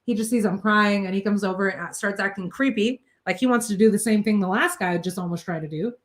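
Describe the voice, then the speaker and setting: A woman's voice: mid-range voice, a little fast. A woman vlogger recounting a personal story in a casual, emotional way, with a lot of filler words. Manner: emotional, tumbling, filler-heavy retelling.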